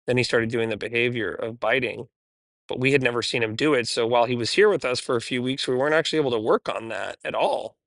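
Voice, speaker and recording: This dog trainer talks fast in a creaky, fairly bright voice, recorded without echo. Chatting candidly to the camera as he works with a dog, he switches now and then to high, upbeat praise for the animals.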